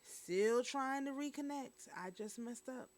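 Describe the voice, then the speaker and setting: A woman's voice: high voice, measured pace. A woman hosting a casual news and review stream, chatting straight to her viewers.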